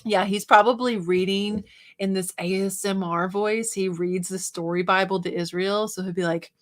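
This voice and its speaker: A woman's voice: mid-range voice, steady tone, moderate pace. A woman hosting a casual livestream, chatting with viewers, laughing often and reading out their comments. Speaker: livestream host.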